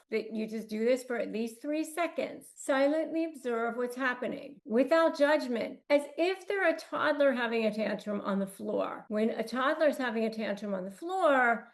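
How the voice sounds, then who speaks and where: Slow, emphatic woman giving advice. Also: on the high side. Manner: emphatic coaching, clipped punchy phrases. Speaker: host. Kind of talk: advice talk to camera.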